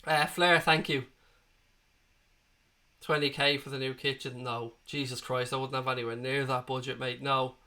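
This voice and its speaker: At normal speed and with a sharp tone, an Irish man in his thirties runs a live football watchalong, responding to viewers' chat questions one by one in a friendly, matey way. His medium-pitched voice has little pitch movement, and he is recovering from being sick.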